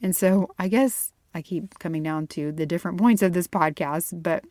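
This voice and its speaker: A middle-aged woman speaks in a fairly low voice, recorded dry and close. She hosts her own Christian fitness podcast, talking to listeners alone in an earnest, encouraging way and laughing easily. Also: normal speed, darkish tone, no echo. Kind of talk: solo podcast monologue.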